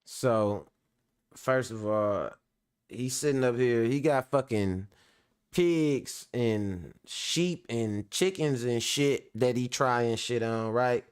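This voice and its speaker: A man's voice: mid-range voice, slow pace, clean tone. A young man hosting a reaction show, joking loosely and profanely as he comments on a clip. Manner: profane, animated, laughing and joking.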